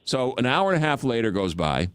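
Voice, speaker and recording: A man hosting a radio talk show, telling a story in an animated, self-mocking way. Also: mid-range voice, a little fast, smooth, no room sound.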